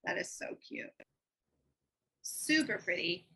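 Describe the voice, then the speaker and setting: Bright, husky woman chatting about stitching. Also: medium pitch, very animated, takes it slowly, poor audio. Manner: chatty, enthusiastic, laughs often. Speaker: co-host. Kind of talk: casual chat showing stitching patterns.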